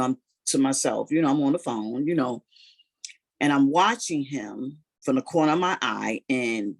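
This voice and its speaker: A man recounts a personal story in a loose, animated way, peppering it with "you know" and "like". His voice is a little husky and sits at an ordinary middle pitch. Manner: animated retelling, heavy use of "you know" and "like".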